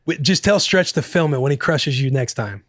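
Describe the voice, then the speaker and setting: A young man hosting a podcast, chatting casually, rambling and swearing freely with excitable energy. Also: mid-range voice, brisk, dry recording, clean studio sound. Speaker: podcast host. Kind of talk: casual chat.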